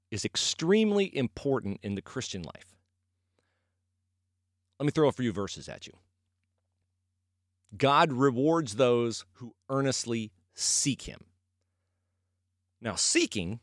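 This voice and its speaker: A man's voice: mid-range voice, no echo, studio quality. A man hosting a podcast, talking casually and emphatically in a folksy way, moving from sports to faith. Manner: animated, folksy, emphatic repetition. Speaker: podcast host.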